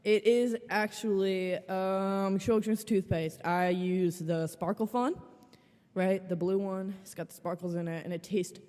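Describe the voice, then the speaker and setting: A woman's voice: mid-range voice, fairly even intonation, measured pace, a little mellow. Woman ranting frankly in a reverberant room. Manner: profane, rambling and frank. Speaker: podcast host. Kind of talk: casual solo storytelling.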